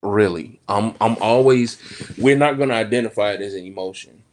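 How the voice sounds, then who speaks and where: A man's voice: on the low side, fairly quick, slight background noise. A man talking frankly and animatedly in a casual podcast conversation, swearing now and then.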